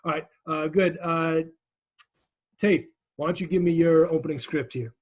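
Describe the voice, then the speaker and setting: A man leads a class over a video call, giving direct, encouraging feedback. His voice sits a little high and he restarts phrases often as he talks. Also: steady tone, normal speed, breathy edge, highs cut off. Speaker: instructor.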